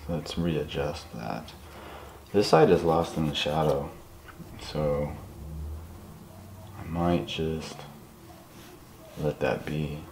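A man quietly talking through a live portrait drawing in his apartment, soft-spoken with nervous asides. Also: a bass voice, very slow, creaky, pauses often, reverberant, a little hiss or hum. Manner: soft-spoken, murmured, self-conscious asides. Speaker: artist demonstrating drawing. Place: apartment room, indoors.

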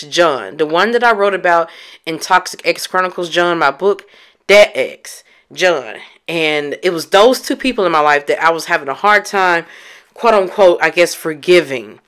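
A woman's voice: lowish voice, a bit bright, clear, resonant tone. A woman hosting a podcast, telling a personal story in a candid, emphatic way and addressing listeners directly. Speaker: podcast host.

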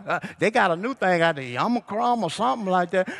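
A man preaching a sermon as pastor, calling out to the congregation and building to shouts. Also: high voice, lively intonation, fairly quick, creaky, few pauses. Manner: call-and-response preaching, rising to shouts. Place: church sanctuary.

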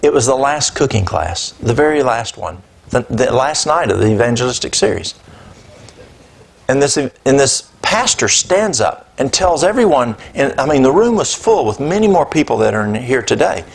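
A man preaching a sermon, telling a personal story in a conversational, animated way. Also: mid-range voice, normal speed, vocal fry, breathy edge. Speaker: pastor. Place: church.

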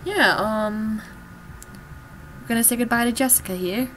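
A woman's voice: a little high, moderate pace, a bit bright, slight background noise. A woman giving casual commentary over her gameplay, rambling and joking at her own expense. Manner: rambling, self-mocking chatter. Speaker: gameplay video maker.

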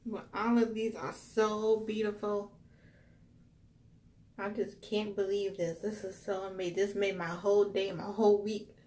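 Her voice is mid-range, mellow, unhurried and flat as this young woman works through a casual unboxing vlog. She gushes over the gifts, gets a bit teary, says "wow" often, and calls her audience y'all.

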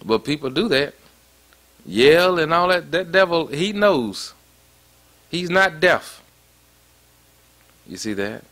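A man's voice: fairly high pitch, animated, slow pace, long pauses, fairly bright tone. A man preaching a sermon in a conversational way, often stopping to ask "you see that?". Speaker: pastor.

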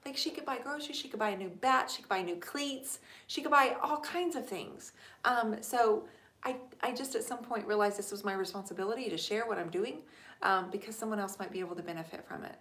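A woman's voice: medium pitch, fairly quick. Woman chatting on a live stream, friendly and rambly, lots of room echo. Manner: chatty and warm, thanks viewers by name. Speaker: furniture painter hosting a live stream. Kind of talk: casual live-stream chat answering viewer questions. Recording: echoey room.

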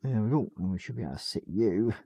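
A man hosting a live hobby stream, hoarse and losing his voice, casually talking through a miniature build and apologising. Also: on the low side, lively intonation, quick pace, mellow, no echo. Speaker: hobby livestream host.

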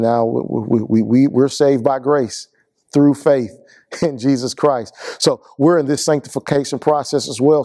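Earnest pastor, mellow dry voice. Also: male voice, mid-range voice, no echo. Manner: earnest, repeats words, rising to a fervent benediction. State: losing his voice. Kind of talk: sermon closing and announcements.

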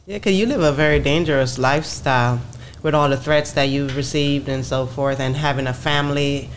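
A man hosting a podcast, calmly asking a guest questions. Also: on the high side, fairly quick, slight background noise. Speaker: podcast host. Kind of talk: casual interview questions.

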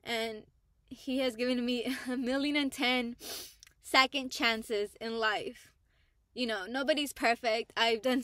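A woman vlogger giving a casual, heartfelt personal testimony about her faith, in a slangy style with pauses and restarts. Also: fairly high pitch, fairly bright tone, no room sound, studio quality. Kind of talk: candid personal testimony to camera.

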